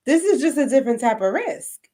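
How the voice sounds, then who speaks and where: A woman's voice: sits high, sing-song, fairly quick, dark tone. A woman podcast host asking casual, probing questions, with many fillers.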